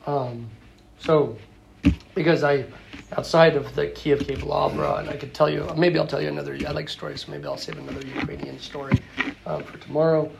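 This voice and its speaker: A man's voice: on the high side, steady tone, brisk, vocal fry, dull audio, noisy background. A man giving an informal talk and answering questions, rambling and full of anecdotes. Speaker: guest speaker answering questions.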